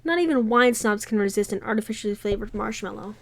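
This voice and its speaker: A woman's voice: mid-range voice, quick pace, creaky, few pauses. Woman reading a novel aloud, chatty. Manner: chatty asides full of likes.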